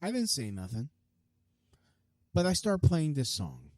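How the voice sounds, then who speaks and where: A man's voice: a little high, wildly swooping pitch, measured pace, darkish tone, no echo, faint music behind. A man ranting casually to camera, rambling and profane, with many fillers and restarts. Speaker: vlogger. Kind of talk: casual rant.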